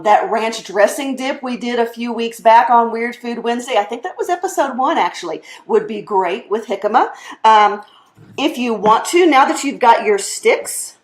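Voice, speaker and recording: A woman's voice: a little high, echoey room. Chatty woman teaching a cooking demo. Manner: chatty, laughs often, many fillers. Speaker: cooking show host. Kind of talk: casual live cooking demonstration.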